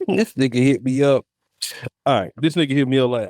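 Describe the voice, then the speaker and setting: A man's voice: medium pitch, lively intonation, moderate pace, pauses often, darkish tone, no room sound, clean studio sound. A man hosting a casual podcast, telling stories in loose slang and laughing often. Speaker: podcast host. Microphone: studio podcast mic.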